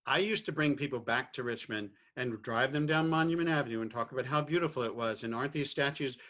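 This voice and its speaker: A man's voice: medium pitch, fast, a bit bright, lo-fi sound. A middle-aged man from Virginia, a podcast guest speaking candidly and reflectively about his family and his views, often restarting his phrases and checking in with "right?". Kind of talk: candid personal conversation.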